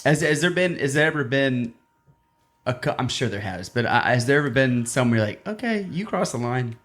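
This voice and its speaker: A man hosts a podcast in a relaxed, easygoing way, putting questions to his guest in casual chat. His voice has a middling pitch. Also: brisk. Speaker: podcast host.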